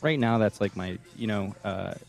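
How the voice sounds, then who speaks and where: A man talking casually as a guest, halting and full of fillers, often poking fun at himself. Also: fairly low pitch, creaky, a little mellow. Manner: halting, filler-heavy, self-deprecating. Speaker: musician guest. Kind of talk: casual chat.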